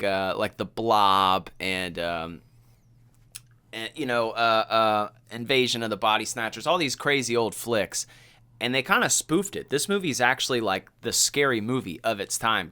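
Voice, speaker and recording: A man co-hosting a podcast, retelling a film in animated, casual chat full of fillers. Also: on the low side, clear, resonant tone. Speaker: podcast co-host.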